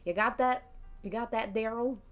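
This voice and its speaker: A woman's voice: a little high, fairly even intonation, normal speed, fairly bright tone, lightly acted. A woman voicing a brash, bossy, fidgety brute of a man who is foul-mouthed and demanding. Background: faint background music.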